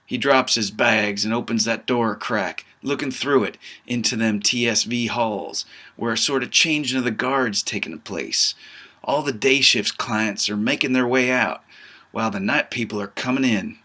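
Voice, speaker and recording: A man's voice: medium pitch, normal speed, bright, forceful tone. A man reading his own novel aloud in first person, with a folksy drawling dialect and a tough-guy storyteller manner. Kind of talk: first-person audiobook narration.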